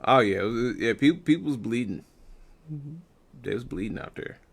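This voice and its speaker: A man's voice: medium pitch, lively intonation, moderate pace, creaky, husky. A man from Missouri co-hosting a podcast, explaining pro wrestling in a rambling, casual way, full of fillers. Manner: rambling explainer, lots of likes and ums. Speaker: podcast co-host.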